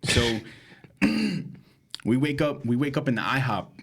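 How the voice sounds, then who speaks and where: A man's voice: measured pace, husky. A young man, co-hosting a podcast and telling a wild story in slangy casual chat, acting out quotes and laughing. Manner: animated, slangy, acts out quotes with big pitch jumps and laughter. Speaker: podcast co-host.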